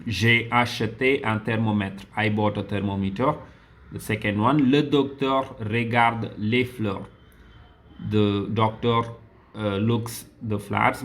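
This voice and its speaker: A man teaching French grammar as a lesson, going through exercises slowly, repeating sentences and spelling words out letter by letter. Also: fairly low pitch. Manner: frequent "okay" and "so" fillers. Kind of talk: classroom lesson walkthrough.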